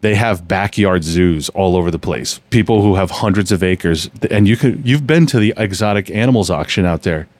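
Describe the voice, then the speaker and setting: A man with a very deep voice tells stories on a casual chat podcast. He rambles and often restarts his sentences. The sound is dry and close to the mic. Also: moderate pace, hardly any pauses, dry recording. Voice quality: low, relaxed storytelling with frequent restarts. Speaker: podcast host.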